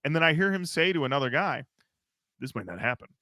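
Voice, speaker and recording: In a relaxed podcast conversation, this co-host spins an animated backstage tale, acting out people's lines as he goes. His voice is on the high side and he talks fast, recorded dry.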